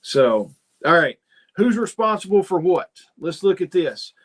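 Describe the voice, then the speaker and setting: A man's voice: high-pitched, sing-song, a little slow. A man hosting a casual livestream, reading viewer comments and telling rambling stories in which he acts out both sides of a conversation. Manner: folksy, rambling storyteller who acts out dialogue. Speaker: host.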